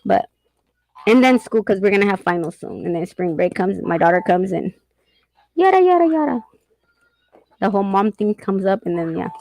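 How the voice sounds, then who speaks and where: A woman's voice: lowish voice, fairly quick, vocal fry, darkish tone, low-quality recording. A middle-aged woman chatting candidly and casually, swearing and laughing often as she talks. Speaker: host. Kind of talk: casual chat.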